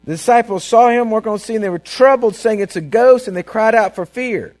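Talking fast in a high, slightly mellow voice, a pastor preaches a sermon. He recounts the story conversationally, with stammering restarts and frequent "right?" and "okay?" check-ins.

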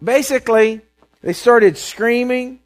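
A man's voice: extremely high pitch, slow pace. A man, preaching a sermon as a pastor. He tells the story in a casual, conversational way, stammering through restarts and often checking in with "right?" and "okay?".

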